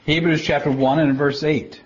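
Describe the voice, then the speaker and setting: Man giving a slow Bible teaching. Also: on the high side, flat delivery. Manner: explanatory, deliberate, with restarts and quotations. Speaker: preacher. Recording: dull lo-fi recording.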